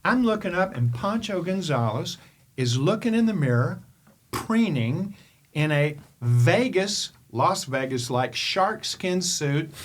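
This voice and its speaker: An older man from Kentucky, a podcast host and coach, telling a story in an animated, emphatic way and firing off rhetorical questions. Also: on the high side, takes it slowly. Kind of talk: storytelling monologue.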